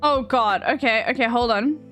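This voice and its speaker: A woman's voice: on the high side, moderate pace, a bit bright, faint music behind. A woman streamer chatting casually on a live stream, blunt and slangy, with frequent swearing.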